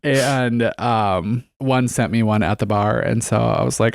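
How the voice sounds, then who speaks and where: Gravelly giggly man chatting. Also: mid-range voice, fairly even intonation, slow pace, no room sound, clean studio sound. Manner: giggly, candid, rambling. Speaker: podcast co-host. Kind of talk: casual chat.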